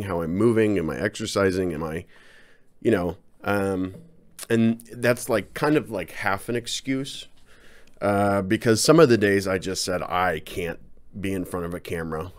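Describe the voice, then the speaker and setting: A man talking casually to his viewers in a personal vlog, rambling and self-deprecating, halting often with fillers. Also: low voice. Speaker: channel host.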